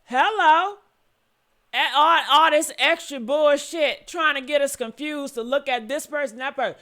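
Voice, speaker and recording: A woman giving heated, cursing reaction commentary on an interview, yelling at times. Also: sits high, unhurried. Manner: angry, yelling and cursing, then apologetic.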